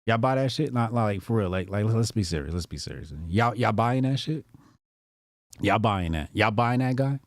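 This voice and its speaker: A man streams casual reaction commentary, mocking and exasperated and quick to curse. His pitch swings widely. The sound is dry and close to the mic. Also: animated, no echo.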